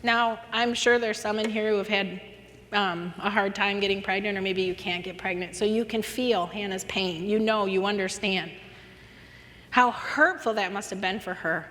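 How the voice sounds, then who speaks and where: Bright, animated woman preaching in a hall. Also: mid-range voice, normal speed, a little hiss or hum. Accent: American. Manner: animated storytelling with acted-out voices and laughter. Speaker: conference speaker. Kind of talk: conference teaching. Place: church auditorium.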